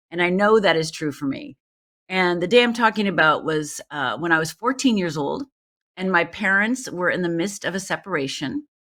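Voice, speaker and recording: Bright-voiced woman telling her story. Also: on the low side. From Upper Michigan. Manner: earnest, personal storytelling that addresses the host directly. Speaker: life coach guest. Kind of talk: storytelling in a podcast interview. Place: Los Angeles.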